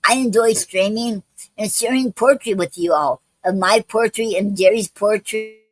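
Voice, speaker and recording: A woman poet hosting a live stream, out of breath, talking in a halting way with many fillers and restarts. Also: medium pitch, low-quality recording. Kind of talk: casual live-stream chat and poetry reading.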